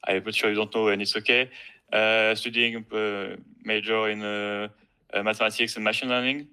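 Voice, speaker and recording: Young French student guest, hesitant, heavy French accent, low and clear voice. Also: male voice, flat delivery, normal speed, sharp tone. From France. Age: 20s. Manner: hesitant, apologetic, searching for words. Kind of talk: casual self-introduction.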